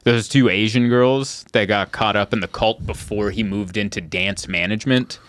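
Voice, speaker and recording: A man's voice: lowish voice, normal speed, fairly bright tone, a little hiss or hum. A man hosting a podcast, chatting casually as a comedian and telling stories with laughs and acted-out quotes. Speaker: podcast host. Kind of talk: casual chat.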